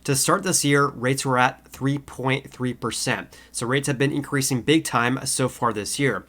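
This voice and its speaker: A man's voice: medium pitch, unhurried, a bit bright. A man with a cold and a nasal voice, hosting a video that explains market trends in casual talk to camera, with frequent fillers and key figures repeated. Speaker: housing market video host.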